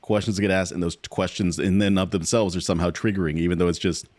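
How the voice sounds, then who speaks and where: A man co-hosting a podcast in casual chat, speaking in a measured, reflective way. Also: low-pitched, fairly even intonation, a little mellow, dry recording. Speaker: podcast co-host.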